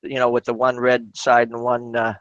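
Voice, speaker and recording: Male crafting-stream host, halting and chatty, lo-fi dry sound. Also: mid-range voice, monotone, a bit bright, no echo. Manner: halting, with frequent restarts and repeated words. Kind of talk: casual live-stream chat while crafting.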